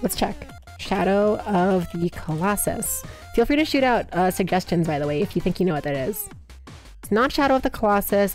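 A woman streams live while guessing games, chatting excitably, swearing a lot and bursting into high-pitched yells.

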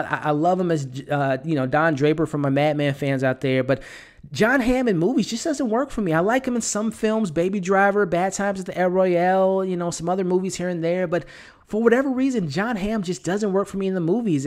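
A man in a somewhat high register talks his way through a movie review like a casual chat. He leans on fillers and repeats himself, and he is frank when something does not work for him. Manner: conversational, many fillers and repeated words; frank, blunt criticism. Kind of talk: casual spoken film review.

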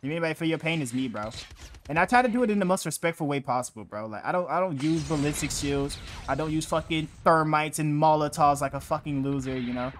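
A young man livestreaming a shooter game, talking to his chat in loose slangy banter that swings from mumbles to yells. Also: on the high side, quick pace, a little hiss or hum. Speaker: streamer. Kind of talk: casual gaming livestream chat.

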